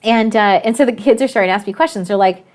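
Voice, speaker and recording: Laughing often and acting out her students' voices, a woman teacher tells a classroom story in a casual, lively way. Her voice is mid-range and her pace is quick.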